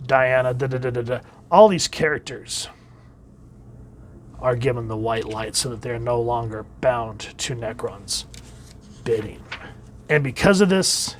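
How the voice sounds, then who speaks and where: A man giving a casual comic book review, chatting along and letting phrase ends drop quietly. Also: mid-range voice, a little hiss or hum.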